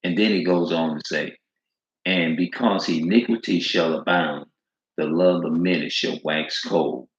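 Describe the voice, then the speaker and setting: Deep-voiced and measured, with fairly even intonation, a male street preacher reads scripture and preaches informally. He's emphatic and repetitive, speaking slangily and leaning hard on stressed words, in an echoey room recorded with dull lo-fi sound.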